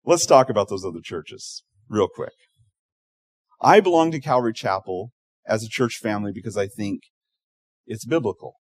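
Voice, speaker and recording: Pastor preaching in a dry, close sound. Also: male voice, on the low side, lively intonation, normal speed, pauses often, slightly rough, dry recording. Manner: storytelling with voiced quotes, frequent restarts. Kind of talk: sermon.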